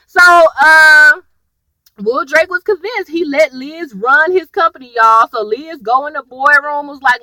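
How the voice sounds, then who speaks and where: A woman recapping a TV episode in casual chat, animated and slangy, talking straight to her viewers. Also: sits high, measured pace, no room sound, poor audio. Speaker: TV episode reviewer.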